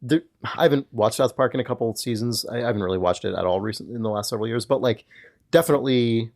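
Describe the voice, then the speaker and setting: A man's voice: medium pitch, fast talker. A man co-hosting a podcast in casual discussion, thinking aloud in long, hedged sentences full of filler words. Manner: thoughtful, hedging, many filler likes. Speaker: podcast co-host.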